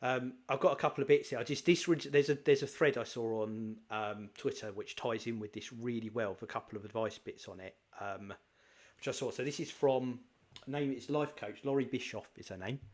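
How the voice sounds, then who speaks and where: A man's voice: mid-range voice, fairly quick. A man co-hosting a podcast, encouraging and steering the talk in casual chat. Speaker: podcast co-host.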